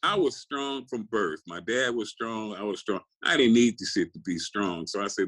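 A man's voice: on the low side, lively intonation, normal speed, hardly any pauses, a bit bright, low-quality recording. A man in his sixties from California, a guest telling rambling, profane stories in casual interview chat.

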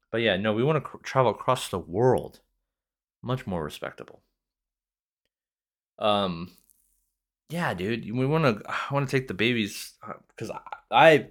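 A young adult man hosting a podcast, ranting casually with heavy swearing and a rambling, sarcastic manner. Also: sits low. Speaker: podcast host. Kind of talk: casual rant.

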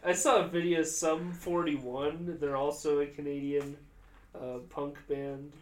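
A man's voice: fairly high pitch, flat delivery, unhurried, recorded from a distance. A man chatting with his bandmates and telling a story, with casual swearing. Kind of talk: casual chat among bandmates. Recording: echoey room, off-mic, with chatter.

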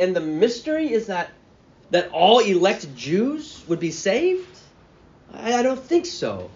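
A man preaching an expository sermon in a conversational way, often checking in with his listeners and restarting phrases as he thinks. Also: very high-pitched. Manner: conversational, checks in with "right?" and "okay?"; stammers and restarts mid-phrase. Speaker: pastor. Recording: dull lo-fi sound.

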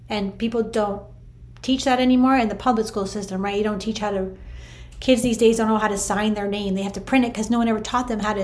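A middle-aged woman telling viewers a personal spiritual story in a chatty, animated way, full of "like" and "I'm like". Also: medium pitch. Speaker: vlogger sharing a spiritual story.

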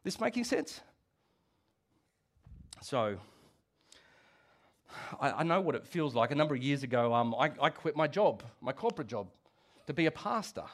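A middle-aged man preaching a sermon as pastor, animated and conversational, with asides and restarts. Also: a little high, normal speed, long pauses.

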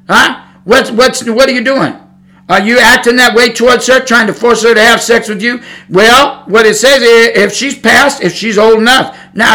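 Man, preacher, high voice, bright, blunt, folksy, emphatic sermon. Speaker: Pentecostal preacher.

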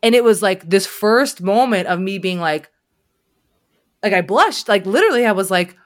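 A woman hosting a casual chat, animated and candid, her speech full of fillers. Her pitch sits in the middle range. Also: moderate pace. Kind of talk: casual conversation.

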